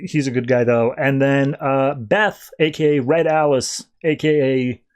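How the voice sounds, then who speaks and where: A man hosting a podcast, recapping comics in a relaxed, rambling way with many fillers. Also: mid-range voice, measured pace, smooth. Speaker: podcast host. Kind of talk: casual comic book recap.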